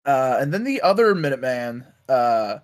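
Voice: mid-range voice, normal speed. A podcast co-host casually recapping an episode, acting out quotes with profanity. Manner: animated storytelling, acts out quotes, profane.

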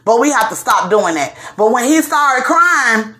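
A woman's voice: a little high, sing-song, a little slow, sharp tone. A woman hosting a show, giving casual commentary in a blunt, emphatic way and swearing freely. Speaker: host.

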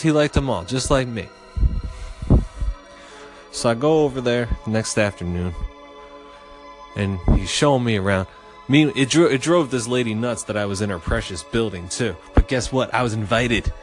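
A man's voice: mid-range voice, normal speed, long pauses, faint music behind. A young adult man hosting a podcast, telling a story in a rambling, profane way. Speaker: podcast host. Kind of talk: casual storytelling.

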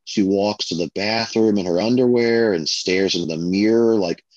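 A man co-hosting a podcast, chatting casually and excitedly about a film, full of fillers and restarts. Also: on the low side, moderate pace, no room sound, lo-fi sound. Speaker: podcast co-host.

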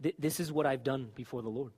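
A man preaching a sermon with fervor, moving from loud exhortation to quiet, confessional talk. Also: mid-range voice, fast talker.

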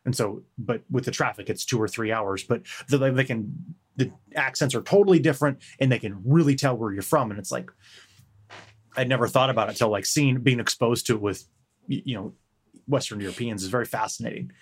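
A man's voice: mid-range voice, brisk, slightly rough. A man in casual chat, telling a meandering story and swearing now and then.

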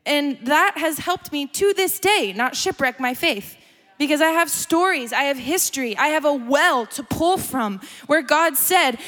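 A young adult woman giving a sermon as a story, chatty and animated, laughing often. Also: sits high, measured pace. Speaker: speaker. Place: church gathering hall. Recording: long hall reverb.

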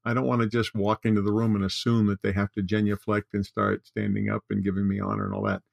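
A man's voice: lowish voice, completely flat delivery, fast, gravelly, no echo. An older man talking as a podcast guest, earnest and heartfelt, in casual conversation. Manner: warm-hearted, earnest, tearful at times. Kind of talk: casual chat.

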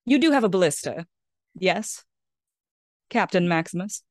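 A woman voicing a calm, commanding pirate queen who speaks slowly and softly with a sly edge. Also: fairly low pitch, dry recording, studio quality. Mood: cool, commanding. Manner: slow, soft and sly.

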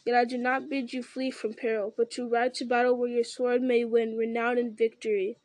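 A proud young noblewoman warrior presses her case with bitterness, voiced by a woman reading a story aloud. The voice is fairly high with little rise and fall. The recording is dry and close. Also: little pitch movement, normal speed, a little mellow, dry recording, close to an everyday voice. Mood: bitter.

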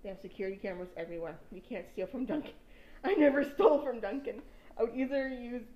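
A woman's voice: on the high side, fast talker, reverberant, dull audio. A young woman from New York, a podcast host chatting casually, rambling and swearing and laughing at her own stories. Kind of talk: casual chat.

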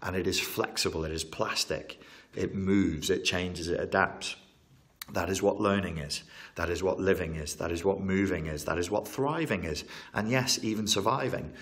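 A low-voiced man talking through trauma as a therapist in an interview. He stacks emphatic repeated phrases and breaks off to reword himself mid-sentence. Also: moderate pace. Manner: animated, repetitive, emphatic, self-correcting. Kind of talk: interview explanation.

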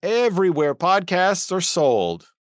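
Dry-humored man with lively intonation. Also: high voice, takes it slowly, dry recording. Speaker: podcast guest, game master. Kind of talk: casual chat.

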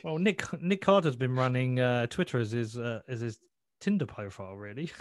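A man's voice: medium pitch, animated, moderate pace, no room sound. A man talking as a podcast guest in a blunt, sweary, rambling way, often restarting his sentences. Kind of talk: casual interview chat.

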